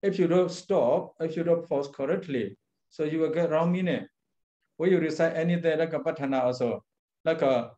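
A man who is a monk teacher, leading an Abhidhamma class in halting English, chanting Pali phrases with careful pauses. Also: fairly high pitch, dark tone, dull audio.

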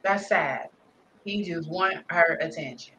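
A woman's voice: fairly low pitch, takes it slowly, fairly bright tone, a little hiss or hum, poor audio. A woman giving casual reaction commentary on a video, blunt and profane, laughing often.

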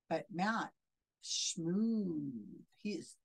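A woman's voice: on the low side, takes it slowly, darkish tone, rough recording. A woman commenting critically on a video clip as a skeptic, sounding indignant and often restarting her sentences.

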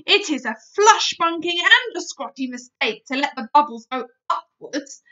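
A woman voicing a big friendly male giant who exclaims loudly and mangles his words, in a storybook reading. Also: sits high, expressive, normal speed, muffled recording, pitched above the performer's own voice. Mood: blustering. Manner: loud exclaiming, jumbled made-up words. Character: huge friendly male giant, boisterous, muddled grammar.

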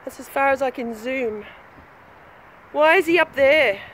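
A woman's voice: high-pitched, unhurried, fairly bright tone, slight background noise, poor audio. A woman, ranting angrily and swearing while filming herself outdoors on her phone. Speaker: vlogger. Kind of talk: angry rant vlog while walking. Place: outdoors on a street.

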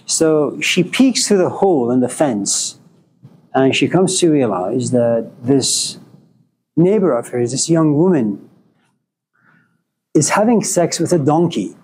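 A man giving a storytelling lecture to a class, wry and joking, in an unhurried way. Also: a little high, lively intonation, darkish tone, a little hiss or hum. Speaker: philosophy lecturer.

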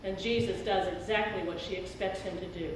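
A woman's voice: fairly low pitch, fairly even intonation, brisk, noisy background. A middle-aged woman pastor preaching an earnest, emphatic sermon in a church sanctuary. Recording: very echoey church hall, speaker far from mic.

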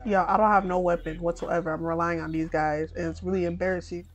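A young woman giving live gameplay commentary, excitable, jumping between loud yelps and low mutters. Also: fast. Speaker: let's play gamer.

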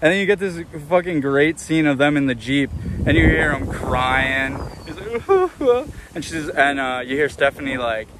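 A man's voice: medium pitch, steady tone, normal speed, a bit bright, slight background noise. Profane rambling man outdoors. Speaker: movie review host. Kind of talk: casual outdoor movie review. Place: outdoors in an urban area.

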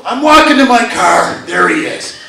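A man doing a stand-up comedy set in a club, telling stories with profanity and shouted punchlines. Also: extremely high pitch, lively intonation, normal speed, gravelly. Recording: echoey club recording from far off, loud crowd laughter.

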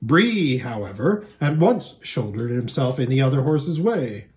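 Lively, expressive man reading a story. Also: medium pitch, unhurried. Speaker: pastor reading aloud. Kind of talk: reading a children's novel aloud.

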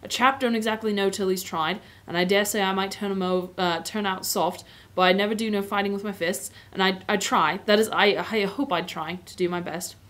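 A woman's voice: medium pitch, steady tone, fairly bright tone, natural voice. Woman doing a humble Cockney cabbie. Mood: hesitant. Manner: halting, humble, deferential. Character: humble middle-aged male London cabbie.

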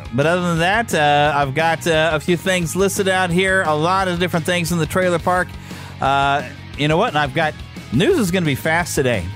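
A man's voice: a little high, moderate pace, a bit bright, faint music behind. Rambling upbeat male podcast host. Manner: rambling, upbeat, many fillers and restarts. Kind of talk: casual podcast chat. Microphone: podcast microphone.

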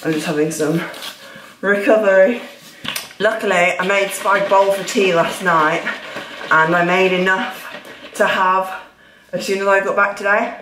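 A young woman talks casually to camera in a vlog, chatty and upbeat. Her pitch sits in the middle for a woman, and at times she is breathless. A faint hiss lies under her voice. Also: fairly even intonation, a little slow, long pauses, fairly bright tone, rough recording. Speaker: cycling vlogger.

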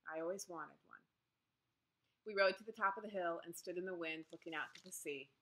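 Female audiobook narrator; bright, clear, steady first-person storytelling. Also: lowish voice, quick pace.

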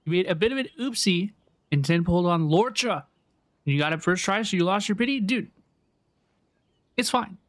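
A man's voice: high-pitched, expressive, normal speed, long pauses. A young man streaming a game, talking casually to his chat in a rambling, repetitive way. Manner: rambling, chatty, repeats himself. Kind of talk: casual live game commentary.

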